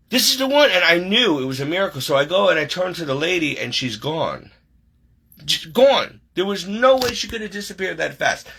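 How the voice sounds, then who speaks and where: A man's voice: a little high, bright, forceful tone, husky. A man telling a personal story over a video call, rambling with many fillers and restarts.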